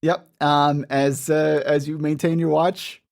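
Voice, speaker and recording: A game master narrating a tabletop game in a casual, animated way, with lots of filler words. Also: mid-range voice, slow pace, vocal fry.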